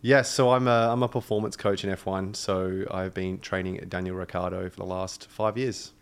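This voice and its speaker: Aussie guy, kinda low voice, chill and jokey, guest on a podcast. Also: fairly even intonation, moderate pace, clean tone. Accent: Australian. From Australia. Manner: laid-back, joking, many filler "like"s. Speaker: guest, performance coach. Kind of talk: casual chat.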